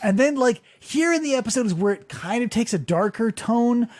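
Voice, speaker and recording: Animated high-voiced man recapping. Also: moderate pace. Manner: animated, acts out quotes in voices, swears freely. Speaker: podcast co-host. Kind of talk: casual recap chat.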